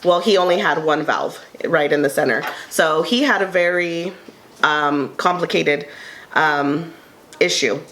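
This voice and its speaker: A woman shares a heartfelt story at a casual table talk. She speaks in a fairly low voice, earnest and unhurried. She often pauses with ums. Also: fairly bright tone, slight background noise. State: tearful at moments. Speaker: panel co-host sharing her story.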